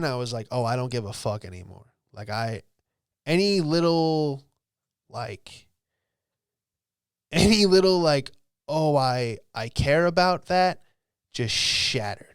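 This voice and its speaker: A man's voice: medium pitch, clean tone, no room sound, clean studio sound. A man in his late twenties from Virginia, hosting a podcast and telling a story in a loose, casual way, swearing freely and saying "dude" and "like" a lot. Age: late 20s. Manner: laid-back, swears freely, peppered with "dude" and "like". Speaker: podcast host.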